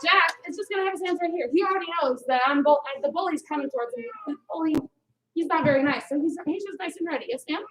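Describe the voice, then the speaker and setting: A woman with a very high voice runs a kids' karate class, calling out prompts and drawing shouted answers back. Her coaching is loud and energetic, often rising to a shout. The recording is buried in heavy background noise. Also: fast talker. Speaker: karate instructor. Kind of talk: leading a kids' class with call-and-response. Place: indoor karate studio.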